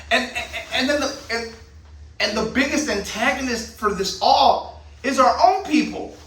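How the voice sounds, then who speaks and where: A man's voice: very high-pitched, a little slow, a bit bright, roomy sound, far from the mic, rough recording. A man, a channel host and veteran, delivering a heated, profane monologue full of rhetorical questions. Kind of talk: ranting monologue.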